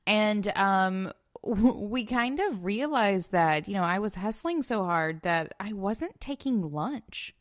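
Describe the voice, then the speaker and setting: A woman's voice: medium pitch, expressive, slow, no room sound, clean studio sound. A woman co-hosting a podcast in casual chat, wry and joking, with some casual swearing. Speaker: podcast co-host.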